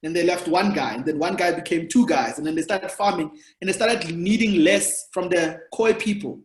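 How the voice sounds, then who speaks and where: Here a South African man, a comedian and podcast host, speaks at normal speed with a high voice. He rambles casually through long stretches of history, and the sound carries a roomy echo.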